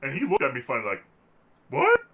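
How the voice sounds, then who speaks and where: Male podcast host, casual chat, lively pitch, bright tone, joking, rambling. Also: moderate pace. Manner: joking, rambling, laughs often. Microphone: desk microphone.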